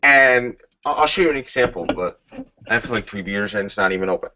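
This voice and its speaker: Guy rambling and cursing in casual chat, bright sharp voice, muffled lo-fi sound. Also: on the low side, animated, fairly quick. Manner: profane, rambling, searches for names. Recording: dull lo-fi.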